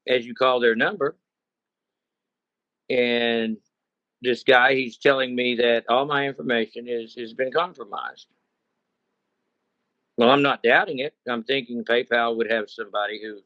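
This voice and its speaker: A man's voice: medium pitch, dry recording. A man who runs a cattle ranch telling his story in a rambling, folksy way, often repeating himself. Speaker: consumer telling a scam story. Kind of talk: casual first-person account. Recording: dull lo-fi sound, dry.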